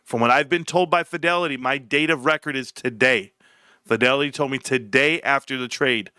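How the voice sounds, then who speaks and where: A man hosting a casual live stream. He talks in an excitable, animated way and swears often. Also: mid-range voice, a little fast, clear, resonant tone, no echo, clean studio sound. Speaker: livestream host. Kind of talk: casual livestream chat.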